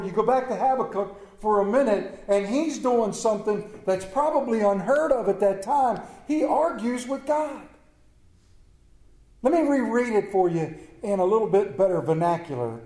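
A man preaching a sermon as pastor, impassioned, moving between hushed and emphatic delivery. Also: high-pitched, animated, normal speed. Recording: roomy echo.

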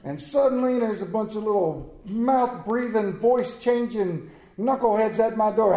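A man's voice: high voice, normal speed, dark tone, roomy sound. A middle-aged man preaching a humorous sermon to a congregation, telling family stories with jokes and asides. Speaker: pastor. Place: church sanctuary.

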